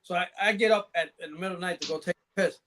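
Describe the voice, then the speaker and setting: Guest spot: high-pitched man, loose swearing storyteller, casual podcast chat. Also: racing, heavy background noise. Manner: profane, laughing, rambling anecdotes.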